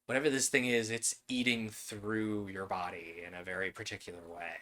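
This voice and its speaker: Bright-voiced man running a game. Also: lowish voice, little pitch movement. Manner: unhurried narration with fillers and chuckles. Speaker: game master. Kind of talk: narrating a tabletop game.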